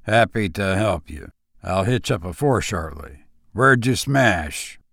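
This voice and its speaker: A man's voice: sits low, expressive, slow, creaky, a bit bright, dry recording, clean studio sound, pitched below the performer's own voice, full character voice. A man doing a quavering superstitious country old-timer. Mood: excited. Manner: folksy country dialect, quavering.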